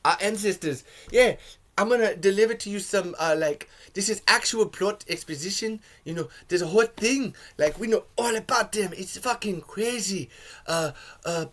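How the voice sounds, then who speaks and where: A man rants casually about a film, swearing freely and rambling between points. His voice is bright and fairly high, and at times it jumps up into excited shouts. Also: normal speed. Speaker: podcast host. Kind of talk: casual film review rant.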